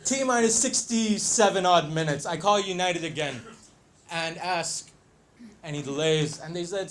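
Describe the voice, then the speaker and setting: A man telling a story on stage, lively, acting out the voices and laughing along. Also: sits high, unhurried. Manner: animated, acts out quotes, laughs along. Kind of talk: live storytelling performance.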